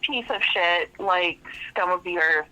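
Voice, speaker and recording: A woman's voice: fairly low pitch, a little slow, pushed and bright, slight background noise. A woman calling in to a radio show, telling a story in a rambling, frank way with lots of fillers. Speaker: caller. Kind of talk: telling a story on a phone call. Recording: tinny phone line.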